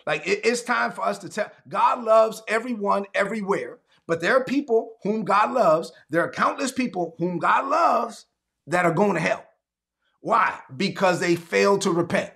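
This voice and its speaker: Male pastor, high gravelly voice, preaches with animated acted-out dialogue. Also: moderate pace. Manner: animated, acts out conversations in his own voice; calls for audience responses. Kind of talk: sermon.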